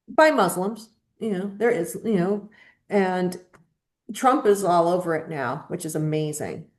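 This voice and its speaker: Emphatic sarcastic woman co-host. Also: mid-range voice. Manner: emphatic, sarcastic, piles up lists. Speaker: podcast co-host. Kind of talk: casual chat.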